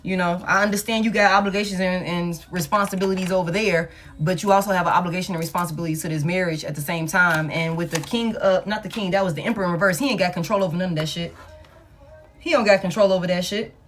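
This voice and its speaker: A woman's voice: fairly low pitch, fairly even intonation, fast, a bit bright. A woman giving a live tarot reading to a caller, talking casually and emphatically, repeating her points and swearing freely. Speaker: tarot reader.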